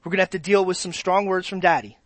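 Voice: medium pitch, fast, no echo. A pastor giving a sermon in a conversational way, asking the congregation questions and reading scripture with emphatic sarcasm.

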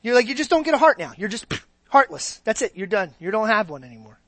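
A woman with a fairly high voice delivers a sermon in a loose, conversational way, pausing over and over to ask whether her listeners follow. The sound is dry and close, with almost no room around it. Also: very animated, a bit bright, no room sound. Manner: conversational, keeps checking in with the audience. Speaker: preacher.

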